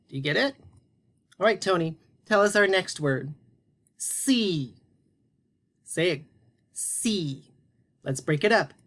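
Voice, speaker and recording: A man teaching a phonics lesson to young children, prompting them slowly and deliberately. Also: fairly high pitch, fairly bright tone.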